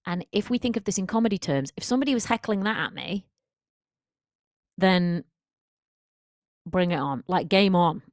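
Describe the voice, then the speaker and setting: A woman's voice: medium pitch, expressive, normal speed, pauses often, no room sound, clean studio sound. A woman confidence coach talking through a solo podcast episode in an emphatic, direct, conversational way.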